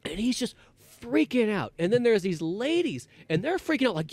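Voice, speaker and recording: A man's voice: very high-pitched, sing-song, brisk, darkish tone, no echo. A man hosting a podcast, telling a long casual story with plenty of fillers and restarts. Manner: rambling, heavy on fillers and restarts. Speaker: podcast host.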